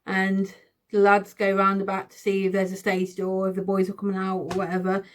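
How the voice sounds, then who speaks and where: Woman in her thirties, mid-pitched, excitable and giggly, recounting a fan story for a vlog. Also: a little fast. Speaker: vlogger. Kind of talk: casual storytime.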